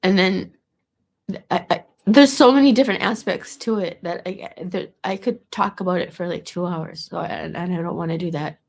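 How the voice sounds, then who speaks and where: Gravelly low-voiced woman rambling casually. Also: moderate pace. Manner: chatty, meandering, frequent restarts and repeated words. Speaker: vlogger.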